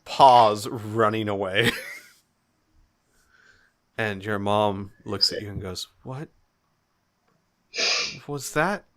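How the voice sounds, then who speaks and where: A man's voice: on the low side, level tone, slow pace, long pauses. A man running a tabletop game as game master, narrating casually with many fillers and laughs.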